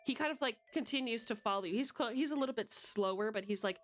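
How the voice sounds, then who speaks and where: A woman running a tabletop game as game master, describing scenes with many fillers and pauses. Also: fairly high pitch, fairly bright tone, faint music behind.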